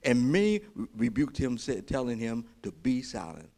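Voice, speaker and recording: A man preaching a sermon as pastor, repeating short exhortations and building into loud, excited storytelling. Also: mid-range voice, moderate pace, creaky. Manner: emphatic, repeats key phrases as exhortation.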